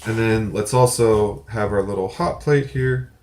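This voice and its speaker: Rambling low-voiced man in echoey room. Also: unhurried, a little mellow, a little hiss or hum. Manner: rambling, self-correcting, casual swearing. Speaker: prepper channel host. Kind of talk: casual explanatory video reply. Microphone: desk mic with some feedback.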